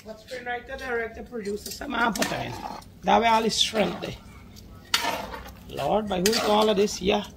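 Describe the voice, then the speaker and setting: A woman's voice: medium pitch, normal speed, gravelly, pauses often, heavy background noise. A woman with a Guyanese Creole accent, chatting casually to her viewers while cooking at a backyard cookout and coaxing a small child. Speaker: vlogger cooking for guests. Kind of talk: casual cooking vlog chat.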